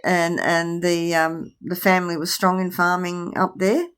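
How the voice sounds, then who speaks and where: A woman's voice: on the low side, level tone, a little slow, fairly bright tone, smooth. Aussie lady host, bit hesitant, um-ing, voice getting tired. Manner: hesitant, many fillers. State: voice wearing out. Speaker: podcast host. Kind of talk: casual podcast chat.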